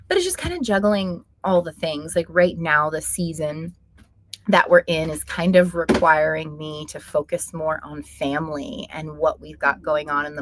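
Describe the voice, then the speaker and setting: A livestream host with a lowish voice, captured in a low-quality recording, reads viewer comments aloud during a casual stream. She answers them in a warm-hearted, spiritual and reflective way, using plenty of fillers.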